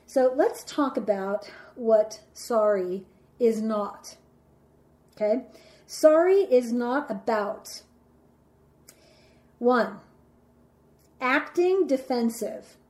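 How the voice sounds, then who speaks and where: Mellow, dramatic woman teaching. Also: fairly high pitch. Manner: dramatic, acts out her examples; measured, explains step by step. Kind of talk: instructional talk.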